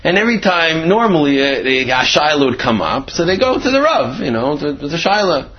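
A man's voice: on the high side, big pitch swings, a little fast, husky. A man teaching by telling a story in a rambling way, acting out the quotes, on a dull lo-fi recording. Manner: rambling, many fillers, acts out quotes. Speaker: Torah teacher. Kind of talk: storytelling talk.

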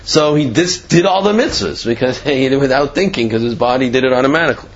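A man's voice: medium pitch, fast talker, dull audio, slight background noise. A man giving an informal Torah class, telling jokes and asking many rhetorical questions, with frequent fillers. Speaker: Torah teacher.

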